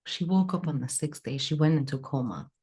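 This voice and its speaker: A woman psychic medium telling a personal story in an interview, animated and acting out the dialogue. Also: deep voice, brisk, husky. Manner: animated, acts out quoted dialogue. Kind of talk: emotional storytelling.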